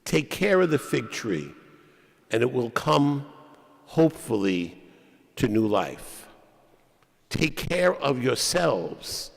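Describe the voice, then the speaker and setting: A man's voice: medium pitch, sing-song, slow, vocal fry, long pauses. A priest from New York preaching a sermon to his congregation, repeating phrases and asking them questions. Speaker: pastor. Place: large church. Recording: long church reverb.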